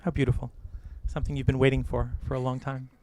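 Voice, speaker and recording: A middle-aged American man officiating a wedding, giving joking, gentle advice to the couple. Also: medium pitch, level tone, fast. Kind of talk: wedding ceremony address. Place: outdoor or hall wedding ceremony.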